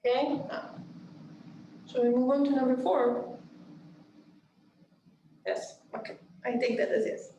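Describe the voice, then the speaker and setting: A woman's voice: high-pitched, steady tone, a little slow, pauses often, dark tone. A woman hosting a live online coffee cupping, chatting and explaining the steps with fillers and laughs. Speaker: cupping session host. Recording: echoey room with faint noise.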